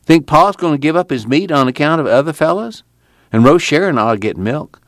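A man's voice: on the high side, animated, fairly quick, no echo, studio quality, voice pushed up, close to an everyday voice. A man voicing a weary, plainspoken young farmhand with a rural drawl. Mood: defensive.

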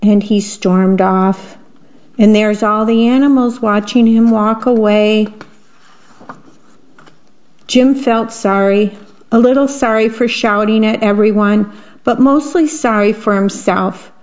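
A woman's voice: medium pitch, takes it slowly, darkish tone. A woman reading picture books aloud and describing the pictures between the lines. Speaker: reader. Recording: dull lo-fi recording.

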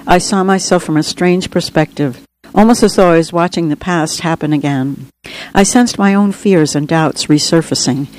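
A woman's voice: low voice, darkish tone, slight background noise, poor audio. An author reading her memoir aloud in an earnest, reflective narration. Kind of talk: audiobook narration.

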